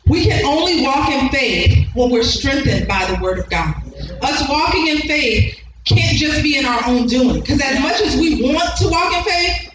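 A middle-aged woman preaching a sermon with emphasis, repeating key lines and chuckling between points. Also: sits high. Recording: echoey hall, distant mic, music underneath.

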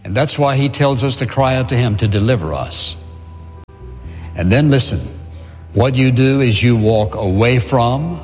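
A man preaching an earnest sermon, stressing words and pausing often between phrases. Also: mid-range voice, long reverb tail. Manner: earnest, emphatic preaching with drawn-out pauses. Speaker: pastor.

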